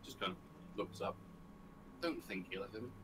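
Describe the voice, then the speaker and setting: A man's voice: lowish voice, normal speed, fairly bright tone. A man playing a tabletop game who speaks hesitantly and stumbles over his words. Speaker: player. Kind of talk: casual tabletop game chat. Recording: noisy home recording.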